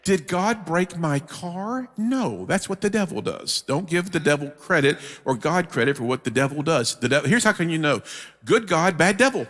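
A man preaching a sermon, telling a story with humor and lively energy. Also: on the high side, moderate pace. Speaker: guest preacher. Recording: long hall reverb from church.

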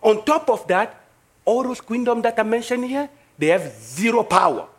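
A man from Congo with a French-speaking Congolese accent, preaching a sermon emphatically, with repeated phrases that build into excited preaching. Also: very high-pitched, moderate pace. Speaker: pastor.

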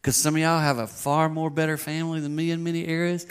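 A man in his fifties preaching a sermon in a chatty, joking way. His voice sits a little high, and he tells stories to make his points. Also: level tone, fast talker, clean tone. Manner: conversational, joking storyteller. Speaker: pastor.

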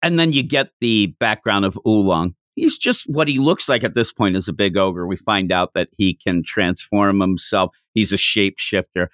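A man's voice: lowish voice, moderate pace, few pauses, dry recording, clean studio sound. A man hosting a podcast, animatedly retelling a comic chapter in casual chat and slipping into the characters' voices. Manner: animated storyteller who acts out the characters' lines. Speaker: podcast host.

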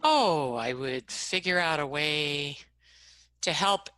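A woman co-hosts a relaxed conversation and gushes enthusiastically about the things she loves. Her voice sits very low but has a bright, forward tone. She talks in a warm, eager way. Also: takes it slowly. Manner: enthusiastic, gushing about favorites. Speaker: co-host. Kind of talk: casual chat.

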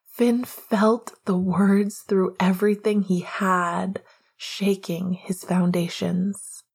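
A woman reading romance narration in a hushed, half-whispered voice. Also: mid-range voice, flat delivery, slow pace, vocal fry, husky. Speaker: audiobook narrator.

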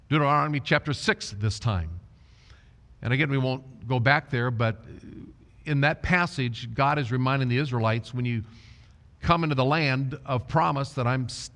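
A man preaching a sermon, speaking in a slow, deliberate way and quoting scripture. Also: mid-range voice, fairly bright tone, long reverb tail. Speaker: pastor.

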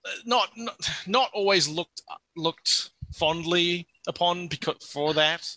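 A man's voice: sits high, takes it slowly, bright, forceful tone, dry recording. A man narrating as game master of a tabletop game, setting scenes in a loose, descriptive way.

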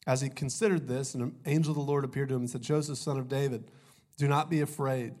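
A man's voice: medium pitch, steady tone, fast, darkish tone. Guy preaching, bit stuffy from a cold, chatty and jokey, says y'all a lot. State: recovering from a cold, voice a little off. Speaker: pastor. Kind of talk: sermon.

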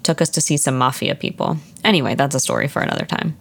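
A woman's voice: low-pitched, quick pace, vocal fry, a bit bright. A woman co-hosting a podcast, chatting casually with wry jokes and reading out the show's plug. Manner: wry, joking asides. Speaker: podcast co-host. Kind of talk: casual chat.

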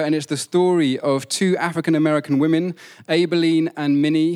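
A man's voice: on the high side, darkish tone. Conversational man preaching. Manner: conversational, self-deprecating humor. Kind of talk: sermon.

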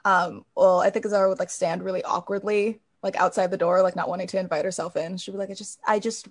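A woman's voice: fairly low pitch, steady tone, fast talker. A woman playing a tabletop game, describing her character's actions in a hesitant way with many fillers. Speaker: player.

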